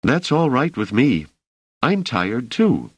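A man lifting his voice for a brisk, practical woman. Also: mid-range voice, big pitch swings, slightly rough, no room sound, voice pushed up, full character voice.

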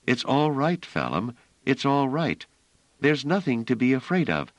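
A man reading an audiobook, voicing a calm, gentle woman in a raised pitch. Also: a little slow, no room sound. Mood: soothing. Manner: soothing, gentle. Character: calm gentle adult woman, soothing and firm.

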